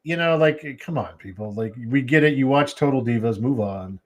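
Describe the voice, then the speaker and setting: A man hosting a live podcast in casual chat, relaxed as he runs through a list and greets viewers by name. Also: mid-range voice, normal speed. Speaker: host of a wrestling podcast.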